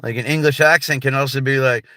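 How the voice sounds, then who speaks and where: A man's voice: medium pitch, steady tone, fast, pushed and bright, dry recording, studio quality. A man with a General American accent, chatting casually on a livestream in a laid-back, rambling way full of filler words. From United States.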